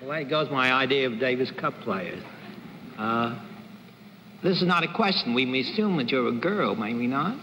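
A man's voice: medium pitch, expressive, normal speed, sharp tone, slight background noise. A man on a game show panel asking wry, joking questions, heard on an old TV broadcast recording. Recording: echoey 1950s TV broadcast recording.

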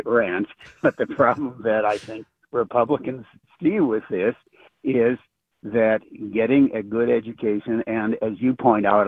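A man's voice: medium pitch, no echo. An older retired man calling in to a radio talk show, ranting with sarcasm and stumbling through many restarts. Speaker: caller. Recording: tinny phone line.

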